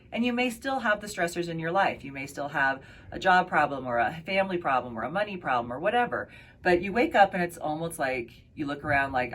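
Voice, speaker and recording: Low-pitched woman, chatty health practitioner talking straight to camera, faint background hum. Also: animated, brisk, a bit bright. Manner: conversational, chatty, asks "right?" and "okay?" often. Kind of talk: casual health talk to camera.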